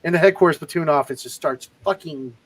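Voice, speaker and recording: A man's voice: on the high side, fast, dry recording, rough recording. A man casually telling army stories on a livestream, swearing freely and acting out the people he quotes. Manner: profane, animated anecdote-telling with quoted voices. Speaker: livestream co-host, army veteran. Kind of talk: casual storytelling chat.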